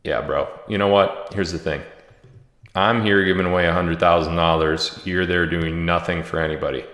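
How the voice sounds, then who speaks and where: A man hosting a casual livestream at home, joking and reading viewer comments and shout-outs aloud. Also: low-pitched, fairly even intonation, moderate pace. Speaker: livestream host. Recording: echoey room with long reverb.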